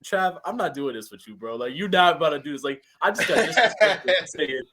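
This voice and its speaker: A man co-hosting a casual podcast chat, animated and acting out quotes as he tells a story. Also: a little high, fairly quick, over a noisy crowd, low-quality recording. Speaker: podcast co-host.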